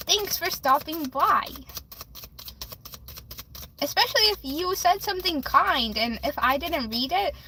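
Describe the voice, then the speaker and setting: Bubbly high-voiced young woman streaming. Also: background noise. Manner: bubbly and giggly, chatting with viewers. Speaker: livestreamer reading tarot cards. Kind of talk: casual livestream chat.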